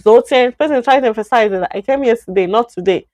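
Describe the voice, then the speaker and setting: A woman with a Nigerian accent teaching a beginner Chinese lesson on a live stream, slowly repeating words and correcting herself. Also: fairly high pitch, a little mellow, no room sound, clean studio sound.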